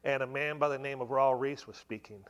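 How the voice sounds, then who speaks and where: A man's voice: mid-range voice, fairly even intonation, brisk. A man in his forties shares a personal testimony with a church congregation. He talks like he is telling a story to friends and fills it with many casual asides. His voice sits in an ordinary middle range. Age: 40s. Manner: conversational storytelling with many fillers. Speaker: speaker giving a testimony at church. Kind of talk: sermon testimony.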